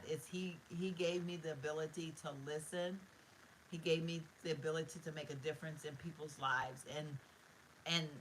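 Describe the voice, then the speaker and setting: A middle-aged woman vlogger with a low, sharp voice chats live with viewers from her bedroom at home, heartfelt and rambling in this casual live-stream. The recording is low quality, with slight background noise.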